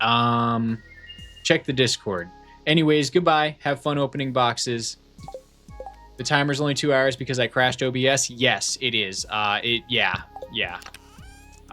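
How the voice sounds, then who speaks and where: A man's voice: fairly low pitch, sharp tone. A man streaming a farming game, chatting casually and jokingly with viewers in a rambling way full of fillers and restarts. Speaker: livestreamer. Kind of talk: casual livestream chat.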